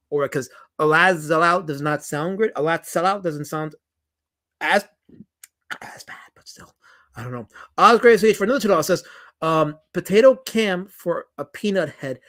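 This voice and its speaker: A man's voice: fairly high pitch, fairly bright tone. A man hosting a livestream, reading viewer chats aloud and answering them in a joking, mock-indignant way that trails off into mumbles. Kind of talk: rambling livestream chat.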